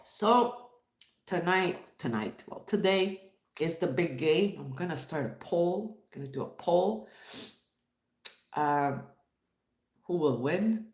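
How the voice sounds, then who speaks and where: Montreal woman chatting on her live stream, lowish voice, greets people in chat, kinda echoey room. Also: animated, slow, long pauses. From Montreal, Canada. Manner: chatty, reads chat, greets viewers warmly by name. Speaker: livestream host.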